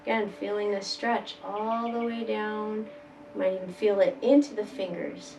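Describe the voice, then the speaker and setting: Calm woman guiding chair yoga. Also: medium pitch, moderate pace, gravelly, a little hiss or hum. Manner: calm, gentle step-by-step cueing. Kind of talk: guided exercise instruction. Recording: voice from a distance, faint background music.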